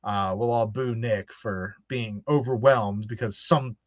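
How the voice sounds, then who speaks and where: This male host has a lowish voice and speaks in a steady, unhurried tone during a casual chat. He tells stories animatedly, acts out quoted voices and laughs often. The recording is dull, lo-fi and dry, with no room sound.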